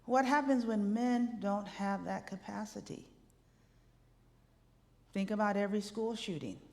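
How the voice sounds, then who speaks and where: A woman minister giving a lively, conversational sermon, often checking in with the congregation with a quick "right?". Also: mid-range voice. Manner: animated, conversational preaching with rhetorical "right?" asides. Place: church sanctuary. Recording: long hall reverb.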